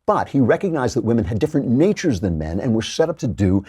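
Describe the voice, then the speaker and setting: A man's voice: medium pitch, big pitch swings, fast, dark tone, breathy edge. A man hosting a commentary show, lecturing with lots of animation and repeating words when he stresses a point. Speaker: host.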